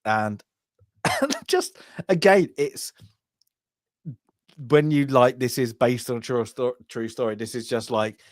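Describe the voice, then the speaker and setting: A man's voice: mid-range voice, sing-song, slow, pauses often, no room sound, studio quality. Rambling man chatting about a film. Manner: rambling, many restarts and fillers, acts out characters' lines. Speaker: film review co-host. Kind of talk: casual film discussion.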